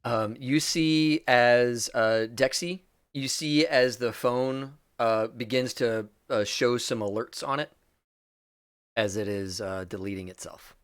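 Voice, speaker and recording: A man's voice: medium pitch, slow, smooth, no room sound, clean studio sound. Laughing man running a tabletop game. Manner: loose, laughing, lots of fillers. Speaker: game master.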